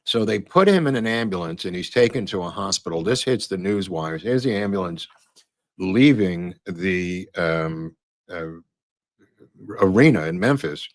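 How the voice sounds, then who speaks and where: A low-pitched man hosts a podcast and chats loosely over a run of photos. He rambles, fills gaps with "uh" and "um", and restarts his sentences often. The sound is dry and close. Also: animated, measured pace, dry recording. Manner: rambling, many fillers and restarts. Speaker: podcast host. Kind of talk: casual commentary over photos and clips.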